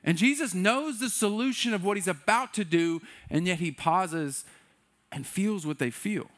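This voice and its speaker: A man preaching a sermon as a pastor, candid and self-deprecating, shifting between lively bursts and quiet earnest passages. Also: high-pitched, normal speed.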